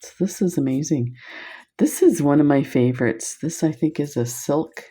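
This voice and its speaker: A woman hosting a beading video, gushing and excited as she shows off new beads, laughing often. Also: deep voice, normal speed, slightly rough. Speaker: beading channel host. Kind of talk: casual product showcase vlog.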